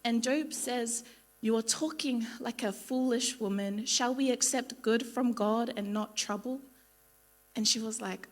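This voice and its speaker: A woman's voice: fairly high pitch, fairly even intonation, unhurried. A young woman giving an informal Bible study talk at church, chatty and full of ums and likes, acting out the people she quotes. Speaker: youth speaker at church.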